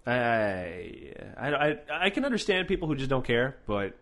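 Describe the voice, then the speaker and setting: A man co-hosting a casual chat show, animated and profane, raising his voice for emphasis. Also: medium pitch, normal speed. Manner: animated, swears a lot, shouts for emphasis. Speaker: podcast co-host.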